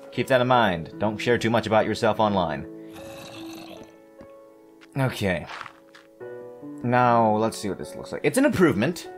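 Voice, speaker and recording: A man giving casual, meandering let's-play commentary, self-deprecating and full of hesitant restarts. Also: fairly low pitch. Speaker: gameplay commentator.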